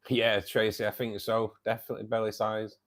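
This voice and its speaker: A man's voice: on the low side, completely flat delivery, fairly quick. A man hosting a casual livestream. He reads out viewers' chat, says "mate" a lot and laughs often. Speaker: livestream host reading chat.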